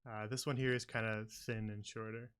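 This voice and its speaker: A man's voice: on the low side, flat delivery, moderate pace, fairly bright tone, clear, resonant tone. A man running a tabletop game as game master, talking casually with many fillers and easy laughs.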